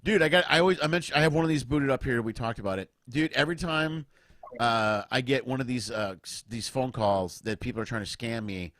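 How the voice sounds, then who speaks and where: A middle-aged man hosting a casual remote comedy chat, an animated storyteller who acts out other people's voices. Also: medium pitch, fairly quick, no echo. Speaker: podcast host. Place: home, remote video chat.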